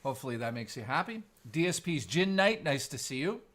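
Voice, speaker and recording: A man's voice: on the high side, a little fast, a little hiss or hum. A man hosting a live stream, chatting casually with his viewers and trading crude, playful jokes with them. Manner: crude, joking banter with chat; animated, playful. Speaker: livestream host.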